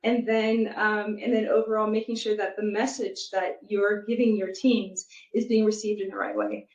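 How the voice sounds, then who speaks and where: A woman's voice: medium pitch, flat delivery, normal speed, darkish tone, echoey room, lo-fi sound. A woman guest answering interview questions thoughtfully, with frequent ums and restarts. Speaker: guest, product leader and youth soccer coach.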